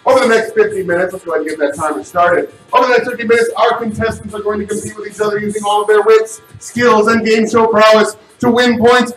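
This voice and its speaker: A man with a high voice runs a live game show with loud, energetic calls, often shouting. He sounds distant from the microphone, and the large room around him echoes. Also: fast talker, hardly any pauses, faint music behind.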